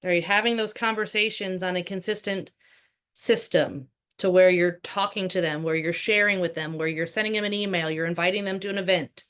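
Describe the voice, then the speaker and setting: A woman teaching a live workshop as a real estate trainer. She talks in a lively, conversational way full of rhetorical questions. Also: lowish voice, brisk, smooth.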